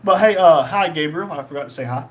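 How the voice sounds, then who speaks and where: A man's voice: fairly high pitch, quick pace. A young man hosting a casual livestream, reading chat messages aloud and joking.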